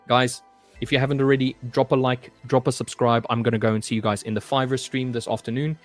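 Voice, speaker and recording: A man's voice: medium pitch, fairly even intonation, brisk, faint music behind. Man hosting a trading live stream. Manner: reads viewer comments aloud and chats loosely, saying "mate" often. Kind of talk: casual live-stream chat with viewers.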